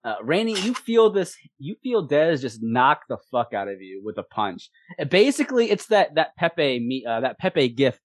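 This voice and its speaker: A man running a tabletop game as game master, narrating scenes in an animated way and often repeating words. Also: medium pitch, moderate pace, hardly any pauses.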